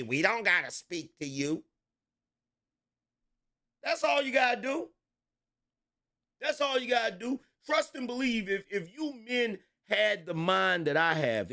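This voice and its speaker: A man's voice: high-pitched, fairly bright tone. A middle-aged man runs his livestream commentary in a slightly raised voice. He speaks bluntly and emphatically, repeating lines for weight and cursing freely as he reads out chat messages.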